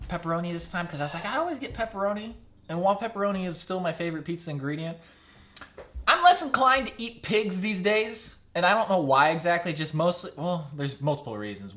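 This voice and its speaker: A man's voice: a little high, a bit bright. A young man chatting casually on a live stream at his computer, rambling and often laughing.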